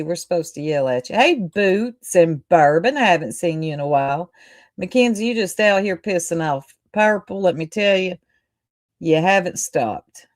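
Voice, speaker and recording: A woman's voice: on the low side, darkish tone, dry recording, studio quality. A woman hosting a livestream, chatting casually with her viewers, greeting them by name and laughing often. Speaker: livestream host. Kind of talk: casual chat with live viewers.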